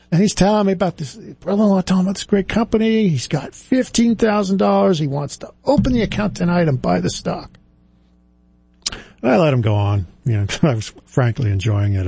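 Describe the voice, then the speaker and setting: A middle-aged financial advisor tells stories in a relaxed, chatty way, chuckling and restarting his sentences. His voice is gravelly and husky, with a mellow, dark tone. The recording is dry and close. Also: medium pitch, dry recording. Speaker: financial advisor and firm president. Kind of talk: casual storytelling monologue.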